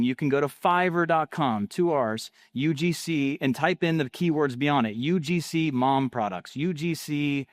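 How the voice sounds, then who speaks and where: A man talks through marketing ideas with an energetic, salesy push. He speaks conversationally, at middle pitch. The recording is close and dry, with no room sound. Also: dry recording. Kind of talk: casual teaching talk.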